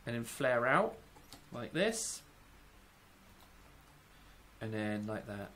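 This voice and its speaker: This man draws out his words in a bright, forceful, medium-pitched voice with big swings in pitch. A bit sick, he is a let's-play YouTuber who giggles, rambles and mocks himself while building in a game.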